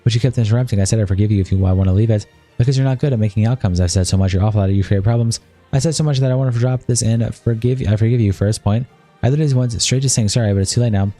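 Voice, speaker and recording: A man streaming live, reading a long chat argument aloud in a rapid, flat read-through. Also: fairly low pitch, faint music behind.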